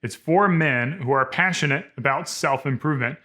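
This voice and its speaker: A man's voice: on the high side, normal speed, pushed and bright. A man host delivering a scripted promo with a direct, upbeat call to action. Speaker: channel host.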